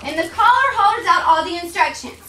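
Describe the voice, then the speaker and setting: A woman's voice: extremely high pitch, animated, brisk. A woman teacher with a Southern American accent, drilling a class of children with upbeat, encouraging questions. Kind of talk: classroom quiz lesson for children. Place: busy school room full of children. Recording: roomy and distant, loud children and noise.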